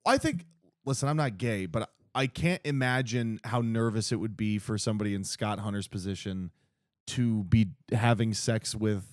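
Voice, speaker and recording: A man's voice: fairly low pitch, normal speed, dry recording, studio quality. A man co-hosting a casual book-review podcast, candid and sarcastic, swearing freely. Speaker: podcast co-host.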